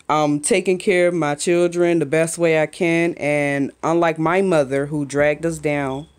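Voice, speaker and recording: A young woman vlogging as a mother at home, talking candidly and emotionally with halting restarts, into a phone camera. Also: sits low, steady tone, clear, resonant tone. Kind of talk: emotional personal vlog. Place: home, just after a shower.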